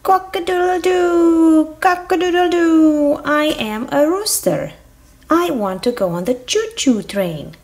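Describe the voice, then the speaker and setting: A woman's voice: on the high side, sing-song, unhurried, pitched below the performer's own voice. A woman voicing a toy rooster that crows and asks to ride the train. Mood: eager. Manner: crowing, childlike.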